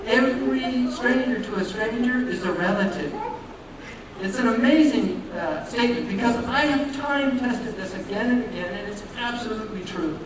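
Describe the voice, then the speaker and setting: An American man from the New York area gives a humorous public lecture in an extremely high-pitched voice at normal speed, chatting conversationally with joking asides and rhetorical questions. A crowd can be heard behind him. The recording is noisy and comes from a very echoey hall, with his voice sounding far off.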